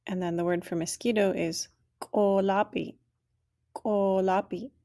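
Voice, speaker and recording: A woman teaching a language lesson, saying each word slowly and clearly and then repeating it. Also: on the low side, steady tone, warm tone.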